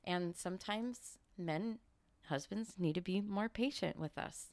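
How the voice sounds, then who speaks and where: A woman's voice: mid-range voice, measured pace, a little mellow, no room sound. A woman co-hosting a marriage podcast, a coach speaking in a frank, teasing, casual way. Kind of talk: casual chat.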